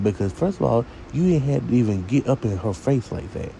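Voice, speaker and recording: A man's voice: on the low side, expressive, fairly quick, vocal fry, few pauses, warm tone, a little hiss or hum. A man reviewing a TV show in a sassy, opinionated rant, talking straight to his viewers.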